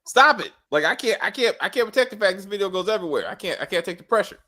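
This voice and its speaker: A man hosting a casual show review, animated and joking, with faint music behind. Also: high-pitched, fast. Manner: animated, joking, lots of uh fillers. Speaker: host.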